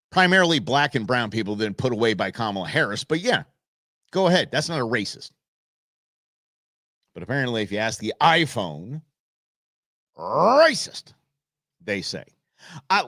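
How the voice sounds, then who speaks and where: A man hosts a live commentary show, his pitch rising and falling in a lively way as he rambles and restarts his sentences. The sound is dry and close, with no room echo. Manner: rambling, chatty, many restarts. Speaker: talk show host.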